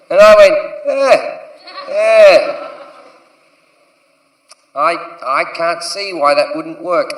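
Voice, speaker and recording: On a theatre stage, an Australian man in his thirties does crude stand-up, voicing the characters in his story. His voice is high, he speaks slowly with frequent pauses, and the recording is distant and echoey.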